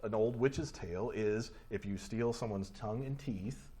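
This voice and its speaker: A man's voice: lowish voice, normal speed. A man co-hosting a movie podcast, telling stories casually with swearing and frequent laughs. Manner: animated storytelling, swearing, laughs often. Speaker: podcast co-host. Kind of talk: casual chat.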